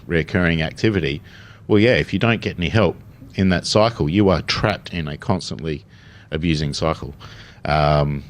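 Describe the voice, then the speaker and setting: A young Australian man talking on a discussion panel, his voice sitting very low. He speaks in a candid, plain-spoken way and drops in the odd swear word. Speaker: panelist with lived experience.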